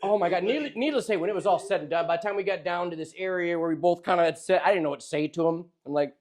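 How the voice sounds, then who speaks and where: A young man telling a funny story in casual chat, animated and often laughing as he acts out what people said. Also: sits high, rapid-fire. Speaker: podcast host telling a story.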